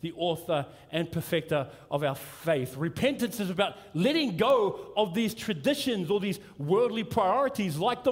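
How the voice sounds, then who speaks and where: A middle-aged man preaching a sermon as pastor, in a conversational, anecdotal way with frequent restarts. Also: sits high. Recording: long hall reverb from church service.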